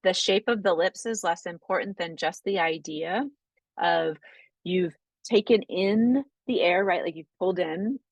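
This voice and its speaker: A woman teaching breathwork, guiding slow breathing exercises in a gentle, unhurried way, often checking in with "right?". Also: on the low side, gravelly, no echo, low-quality recording. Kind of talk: guided breathing instruction.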